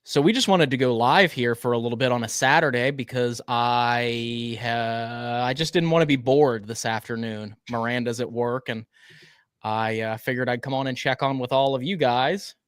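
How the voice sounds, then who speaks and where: A man's voice: mid-range voice, normal speed, a bit bright, smooth, dry recording, clean studio sound. A man co-hosting a casual live stream, chatty and greeting viewers by name, sometimes tripping over his words. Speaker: livestream co-host.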